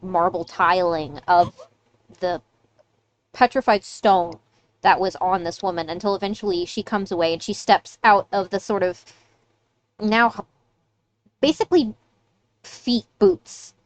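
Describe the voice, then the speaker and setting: A woman narrating as game master of a tabletop game, casual with many filler words. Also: medium pitch.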